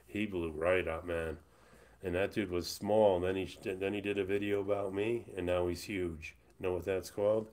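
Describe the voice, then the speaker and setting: A man streaming live who rambles, says he's high and mumbles, often trailing off into whispers. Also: steady tone, normal speed, darkish tone. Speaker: livestreamer. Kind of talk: casual livestream chat. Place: indoors, hot room.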